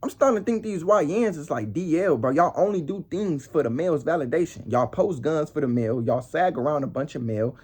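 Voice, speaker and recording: A man's voice: on the high side, expressive, a little fast, few pauses, a little mellow, breathy edge. A young man vlogging a heated, casual story in street slang, ending lines with "bro" and "nigga".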